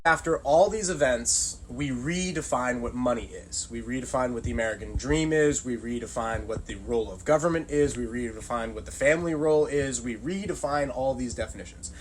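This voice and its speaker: A man's voice: medium pitch, brisk, hardly any pauses, background noise. A middle-aged man hosting his own channel, talking casually in a loose, rambling monologue full of fillers. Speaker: channel host.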